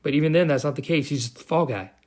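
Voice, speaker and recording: A man's voice: a little high, fast talker, a little mellow. A young man giving a heated, profane, sarcastic commentary rant as a vlogger. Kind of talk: ranting commentary.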